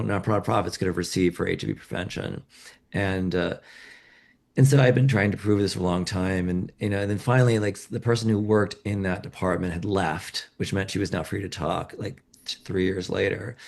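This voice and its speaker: A man, a journalist being interviewed, who talks haltingly with many restarts and "you know"s. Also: low-pitched, creaky, darkish tone. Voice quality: scratchy voice. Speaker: journalist guest. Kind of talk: conversational interview.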